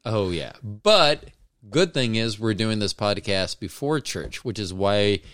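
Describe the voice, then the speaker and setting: A man's voice: fairly low pitch, expressive, slow pace, fairly bright tone, no room sound, studio quality. A middle-aged man co-hosting a podcast, chatting casually in a teasing, joking, swearing manner. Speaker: podcast co-host. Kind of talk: casual chat.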